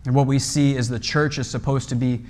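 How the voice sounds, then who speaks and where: A man's voice: mid-range voice, steady tone, a little fast, a little mellow. A man preaching a sermon in a conversational way, often checking in with "right?" and restarting phrases as he explains a passage. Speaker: pastor.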